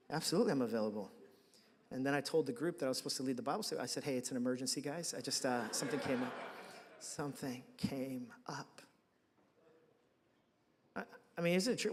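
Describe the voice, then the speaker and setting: A male pastor delivers a sermon in a casual, storytelling manner. His voice sits in a middle range, and he acts out his own past reactions as he tells the story. The sound carries a long church-hall reverb. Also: mid-range voice. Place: church sanctuary.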